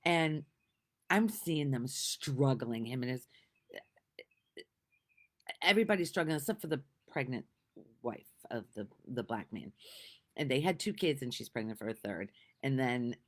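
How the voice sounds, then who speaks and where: A middle-aged woman vlogger telling a rambling, laugh-filled story in a casual, chatty way. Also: extremely low pitch. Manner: rambling, laughing, lots of restarts.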